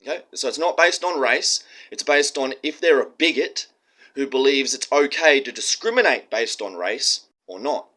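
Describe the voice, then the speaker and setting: Man, Australian accent, heated monologue, profane, emphatic, tense bright voice. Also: a little high. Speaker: commentator.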